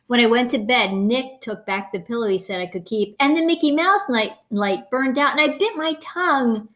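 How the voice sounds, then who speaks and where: A woman reading a children's picture book aloud, expressive and playful, stopping to comment on the pictures. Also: fairly high pitch, normal speed, few pauses. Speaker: storybook reader.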